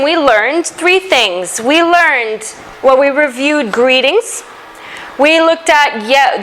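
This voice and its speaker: Woman, English teacher, grammar lesson, unhurried, step by step, high voice. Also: a bit bright, a little hiss or hum, low-quality recording. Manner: slow and deliberate, explains step by step with fillers.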